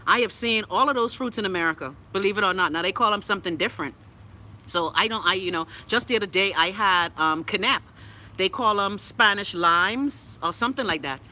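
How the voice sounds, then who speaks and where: Bahamian woman, live-stream host, sassy and profane, bright tone, slightly scratchy throat. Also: medium pitch, brisk. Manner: sassy, blunt, profane, chatty. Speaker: live-stream host reading viewer comments. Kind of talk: casual live-stream chat.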